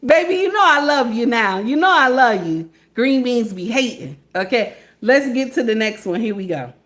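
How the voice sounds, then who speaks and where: A woman's voice: on the high side, moderate pace. A woman hosting a reaction video, talking casually and animatedly, repeating herself and tagging "okay" onto her lines. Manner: animated, repeats phrases, says okay constantly.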